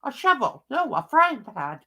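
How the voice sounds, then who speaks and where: A woman's voice: high voice, sing-song, a little slow, sharp tone. A woman chatting casually with her boyfriend, telling a heated story full of swearing. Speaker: girlfriend in a phone hangout.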